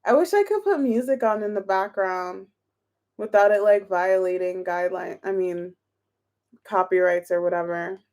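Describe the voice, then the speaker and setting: A woman's voice: medium pitch, normal speed, darkish tone. A woman reading tarot on a livestream, counting aloud as she shuffles and chatting casually with her viewers. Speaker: tarot reader.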